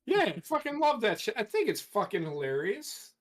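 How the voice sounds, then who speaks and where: High-pitched dude cussing nonstop while gaming, noisy mic. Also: male voice, wildly swooping pitch, normal speed. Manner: profane, blunt, rambling. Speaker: co-host, gamer. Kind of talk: casual banter over gameplay.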